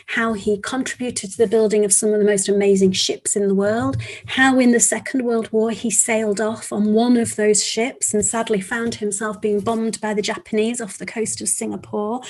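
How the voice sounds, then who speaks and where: A woman presenting a webinar, telling a classroom story and acting out the children's lines and sound effects. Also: fairly high pitch. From England. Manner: animated storyteller, acts out children's voices and beeps. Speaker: webinar presenter, teacher trainer. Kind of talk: storytelling talk.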